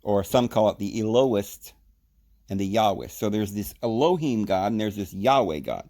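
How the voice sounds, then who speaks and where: At a moderate pace, a man teaches the Bible on a podcast in an animated, emphatic style. He uses short phrases, and his pitch rises suddenly.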